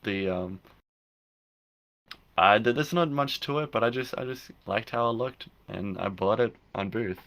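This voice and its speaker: Young male guest, low gravelly tone with a bright edge, loose rambling delivery full of restarts. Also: unhurried. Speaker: guest filmmaker. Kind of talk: casual interview chat.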